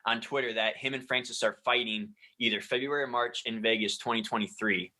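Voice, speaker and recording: Bright-voiced man explaining sports news. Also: medium pitch, fairly even intonation, brisk, rough recording. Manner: explanatory, full of fillers like "like" and "kinda". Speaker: sports podcast co-host. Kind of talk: casual sports chat.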